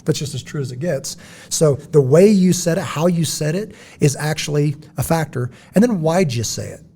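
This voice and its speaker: Blunt, husky-voiced man on a podcast. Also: a little high, animated, moderate pace, dark tone. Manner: blunt, emphatic, preachy. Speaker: podcast host. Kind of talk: casual podcast discussion.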